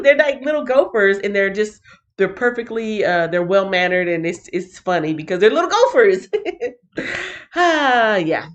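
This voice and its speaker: A woman's voice: medium pitch, a little slow, highs cut off. A woman hosting a Bible reading stream, chatting casually and animatedly with many fillers.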